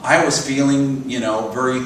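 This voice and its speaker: A man's voice: mid-range voice, moderate pace, slight background noise. Older man preaching in an echoey church. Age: 60s. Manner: storytelling, animated, asks congregation questions. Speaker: minister. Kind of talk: sermon. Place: church sanctuary. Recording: roomy echo from a distant mic.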